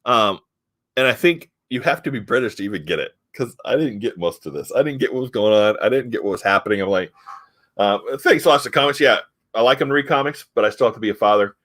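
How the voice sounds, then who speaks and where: A man's voice: medium pitch, animated, fast, fairly bright tone. A middle-aged man from the United States chatting casually about comics, rambling and hesitant but frank. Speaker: comic review host. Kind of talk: casual chat.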